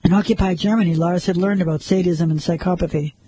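Husky, dark-toned male storyteller. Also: sits high, fairly even intonation, no room sound, poor audio. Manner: measured, suspenseful storytelling. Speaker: narrator. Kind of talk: audiobook crime story narration.

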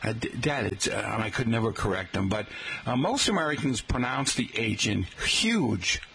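Here a middle-aged Boston-accented man, hosting a local radio show live from a restaurant studio in Massachusetts, talks to his folks in a friendly, folksy style. His voice sits at medium pitch and comes across as expressive, creaky, pushed and bright at a normal speed. Slight background noise can be heard.

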